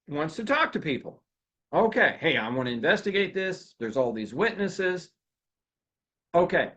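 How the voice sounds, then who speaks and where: A man teaches a workplace seminar with lots of energy. His voice sits somewhat high and leaps around in pitch as he tells the story and checks in with the audience. The delivery is conversational and full of questions. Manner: animated, quizzes the audience with questions. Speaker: workplace law and HR seminar speaker. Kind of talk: live seminar talk to an audience.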